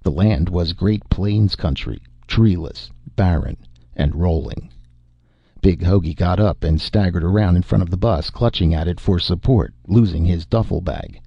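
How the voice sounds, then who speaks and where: Deep gravelly male narrator. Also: no echo. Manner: steady, measured storytelling. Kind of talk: audiobook narration. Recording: dull lo-fi dry recording.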